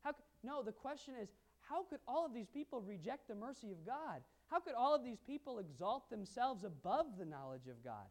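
A woman's voice: a little high, sing-song, brisk, few pauses, darkish tone. A woman teaching a Bible study class, earnest and emphatic, speaking to her class. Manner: earnest, emphatic, pleading in quoted prayers.

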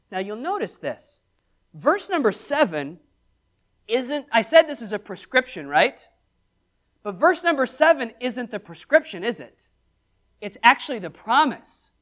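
A man preaching a sermon to a congregation, energetic and humorous, leading call-and-response. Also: high voice. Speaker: pastor. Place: church service.

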